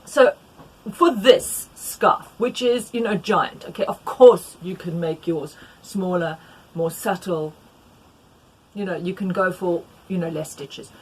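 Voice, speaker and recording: A woman teaching knitting in a playful, rambling way, with jokey asides and sudden loud bursts. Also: lowish voice, takes it slowly, breathy edge, low-quality recording. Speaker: knitting tutor. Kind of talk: chatty knitting tutorial.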